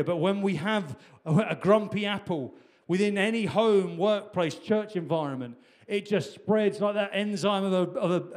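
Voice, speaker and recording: A middle-aged man preaching a sermon in a conversational way, with repetitions and restarts. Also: fairly high pitch. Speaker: pastor.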